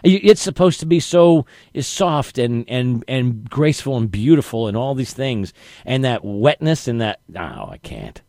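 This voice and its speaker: A man co-hosting a morning radio show, chatting casually, rambling and halting with frequent laughs. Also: mid-range voice, big pitch swings, mellow, no echo, studio quality.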